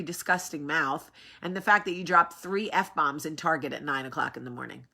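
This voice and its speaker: A woman from New Jersey with a heavy New York accent, hosting a casual talk show and telling funny stories, animated and swearing freely. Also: on the low side, normal speed. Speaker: host. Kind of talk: casual storytelling chat.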